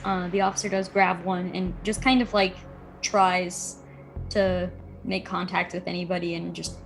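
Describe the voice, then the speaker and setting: A woman narrating as game master, explaining rules and scenes in a relaxed way, with frequent fillers. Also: on the low side.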